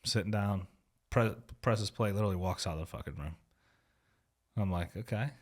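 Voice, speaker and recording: A man's voice: fairly low pitch, normal speed, darkish tone. A young man hosting a casual podcast chat, laid-back and swearing freely as he tells a story.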